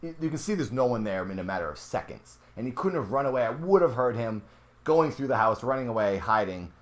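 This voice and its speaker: A young man casually telling a true ghost story from his youth, animated and rising in pitch when the story turns tense. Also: fast talker. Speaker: podcast host.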